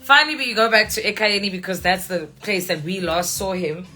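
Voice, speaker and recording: A woman's voice: medium pitch, expressive, fairly quick, hardly any pauses, bright, forceful tone, faint music behind. A woman telling a story casually on a phone live stream, swearing freely and acting out her friends' lines. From South Africa. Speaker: livestream host. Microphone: phone mic.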